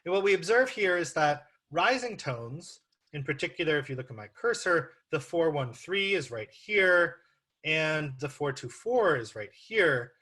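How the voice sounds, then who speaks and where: A man's voice: a little high, animated, unhurried, bright, forceful tone, slightly rough. A man with an American accent gives an academic lecture over a video call, explaining slides with frequent ums and uhs. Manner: explanatory, many ums and uhs, walks listeners through slides. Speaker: guest lecturer.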